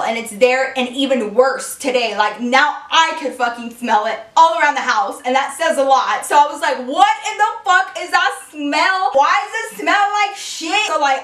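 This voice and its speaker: Young woman, high voice, casual storytime vlog, salty and animated, roomy echo. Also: distant mic. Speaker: YouTube storyteller. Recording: echoey room, off the mic.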